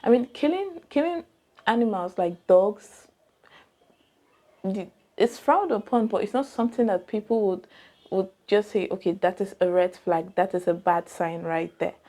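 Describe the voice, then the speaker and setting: A woman's voice: medium pitch, fairly even intonation, unhurried, dark tone. A young woman with a Nigerian accent, casually retelling a true crime case, chatty and digressive, often asking her viewers questions. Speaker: true crime channel host.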